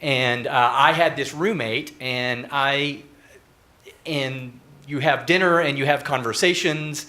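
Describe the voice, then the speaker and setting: A young man from Northeast Texas stands up in the audience to ask a question. His voice is bright and tense, and he talks haltingly, full of fillers. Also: medium pitch. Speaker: audience member asking a question.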